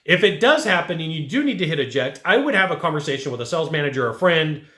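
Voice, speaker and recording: A sales trainer coaches his viewers straight to camera, blunt and conversational, firing off rhetorical questions. His fairly high voice is very animated, quick and pushed bright. The room gives a noticeable echo.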